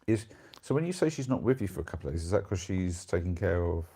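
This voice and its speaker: A man's voice: sits low, big pitch swings, fast, mellow, slightly rough. A man in his thirties with an English accent, chatting casually with viewers as the host of a live stream, rambling and self-deprecating. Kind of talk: casual chat reading viewer comments.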